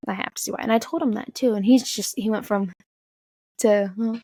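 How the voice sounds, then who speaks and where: A young woman casually telling an excited, swear-filled story, jumping high in pitch when she quotes herself. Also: dry recording. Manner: excited, swearing, talks fast with big pitch jumps when quoting. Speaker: vlogger.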